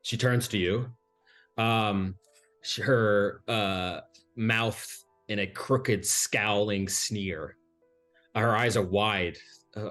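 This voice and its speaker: A man with a fairly low voice narrates as game master in a tabletop game. He describes the scene in a loose, filler-laden way, with faint music underneath. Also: fairly bright tone.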